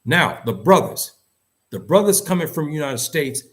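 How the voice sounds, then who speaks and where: A man's voice: on the high side, very animated, normal speed. A man in his fifties giving opinionated talk to camera, emphatic and repeating words as he restarts his sentences.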